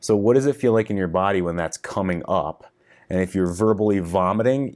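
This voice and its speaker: Middle-aged guy coaching men, real deep voice, blunt and casual, swears a lot. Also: a little mellow. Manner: frank, casual, swears freely, coaching directly. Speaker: relationship coach. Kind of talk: video lesson for men.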